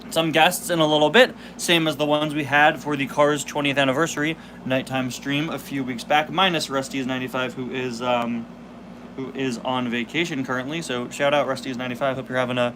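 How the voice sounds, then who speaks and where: A man's voice: mid-range voice, steady tone, brisk, background noise. A man in his twenties hosting a casual live stream, chatting, laughing and reading the chat aloud while chewing candy. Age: 20s. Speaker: host.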